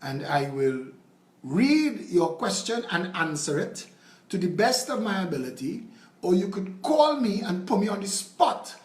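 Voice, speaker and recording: A man's voice: sits high, very animated, measured pace, echoey room. A man with a Trinidadian accent hosting a political call-in show, combative and sarcastic. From Trinidad and Tobago. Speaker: political talk show host.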